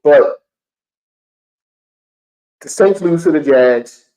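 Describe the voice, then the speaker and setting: Young man, streaming fan-show host, heated repetitive rant, fairly high voice. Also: lively intonation, normal speed, a little mellow, dull audio. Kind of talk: live-streamed fan sports commentary.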